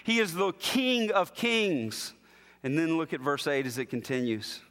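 A man preaching an expository sermon, emphatic, dropping low and slow on key phrases. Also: animated, a bit bright. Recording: long hall reverb.

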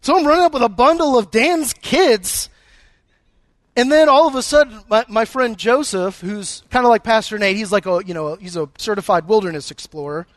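A man's voice: sits high, normal speed, no echo. A male pastor preaching a conversational sermon, telling stories with humor and often repeating words as he goes.

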